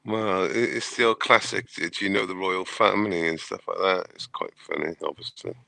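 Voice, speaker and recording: A man's voice: low voice, steady tone, normal speed, gravelly, sharp tone, dry recording. A Welsh man hosting a livestream, making mocking, dismissive political remarks in casual talk. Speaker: stream host.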